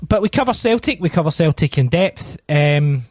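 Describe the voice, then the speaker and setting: A man hosts a casual podcast in a chatty, rambling way, filling gaps with ums. His voice sits fairly high for a man. The recording is dry and close. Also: lively intonation, normal speed, no room sound. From Scotland. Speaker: podcast host.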